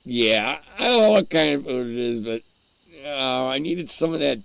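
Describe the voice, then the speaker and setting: A man's voice: mid-range voice, animated, moderate pace, gravelly, fairly bright tone. A man hosting a casual livestream, rambling and chuckling as he answers his chat while eating. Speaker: livestream host.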